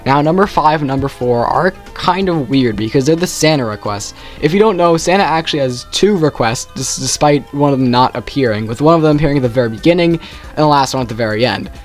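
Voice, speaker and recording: A man's voice: medium pitch, animated, fast, soft background music. A young man casually ranking video game quests, rambling and correcting himself often. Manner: rambling, self-correcting, with frequent "like". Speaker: gaming youtuber.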